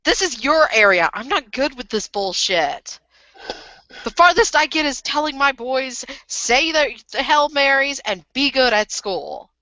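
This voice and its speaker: A woman's voice: high-pitched, lively intonation, measured pace, sharp tone, no room sound, lo-fi sound, pitched above the performer's own voice, full character voice. Woman doing a weary blunt lady cop. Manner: curt, blunt.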